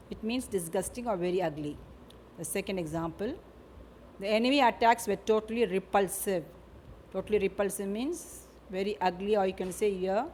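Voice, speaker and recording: A woman teaching an English vocabulary lesson. She speaks slowly, repeats each word and example, and ends points with a tag question. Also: mid-range voice, darkish tone, a little hiss or hum.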